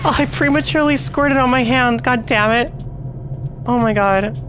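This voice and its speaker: Speaking at a moderate pace in a voice on the high side, the young VTuber chats while streaming a game, giving casual commentary. She gets frustrated at times, swearing and yelling. Background noise can be heard.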